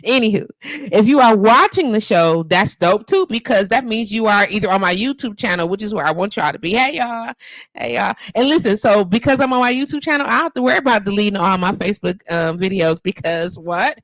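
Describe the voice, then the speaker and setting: Holding a mic at home, a show host in her fifties runs a live radio broadcast from her home studio, speaking emphatically and casually with heavy slang. Her medium-pitched voice is brisk and a bit bright, in a dry, low-quality recording.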